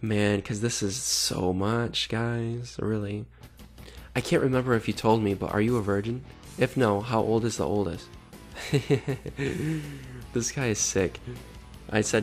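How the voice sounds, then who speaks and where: A man's voice: on the low side, measured pace, soft background music. Sarcastic man reading chat messages aloud. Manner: sarcastic, exasperated. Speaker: channel host exposing online predators.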